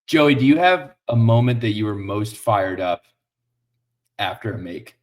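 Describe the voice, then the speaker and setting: A man's voice: lowish voice, expressive, unhurried. A man hosting a casual sports podcast, asking a guest questions in a chummy way and backing him with short "mm-hmm"s. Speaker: podcast host. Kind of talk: casual interview chat.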